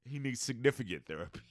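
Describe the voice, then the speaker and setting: This man has a medium pitch and a brisk delivery on a dry recording. An animated podcast co-host, he tells a long story in casual chat and acts out the voices he quotes.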